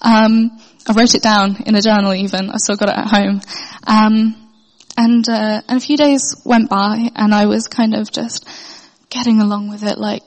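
A woman's voice: fairly high pitch, flat delivery, measured pace, big-room sound, poor audio. A young woman sharing a heartfelt personal faith testimony, hesitant, with many fillers and restarts. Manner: earnest, heartfelt.

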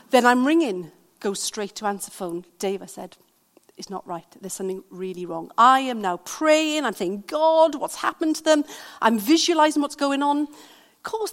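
A woman with a Welsh accent preaching a sermon, telling stories in an animated, conversational way. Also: fairly high pitch. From Wales. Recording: long hall reverb.

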